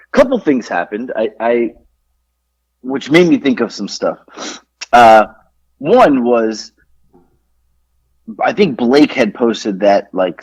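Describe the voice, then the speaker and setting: Podcast dude telling a story, kinda husky, voice jumps around a lot, rambles. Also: male voice, mid-range voice, low-quality recording. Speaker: podcast co-host. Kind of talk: casual podcast chat.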